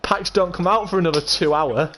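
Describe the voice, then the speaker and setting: Chatty, excitable man live-streaming games. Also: high-pitched, a little fast, a little hiss or hum. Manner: chatty, excitable, keeps greeting and quizzing viewers by name. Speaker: gaming livestreamer. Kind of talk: casual live-stream chat.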